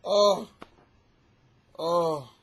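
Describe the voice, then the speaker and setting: A man hosting his own comedy podcast, rambling in a profane, animated monologue and laughing at his own jokes, with a husky voice. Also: high voice, drawn-out words. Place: home basement.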